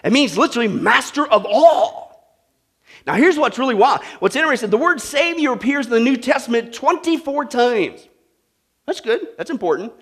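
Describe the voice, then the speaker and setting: A man preaching a sermon to a congregation, animated and asking them questions. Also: very high voice, moderate pace, breathy edge. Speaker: pastor. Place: church with a live congregation.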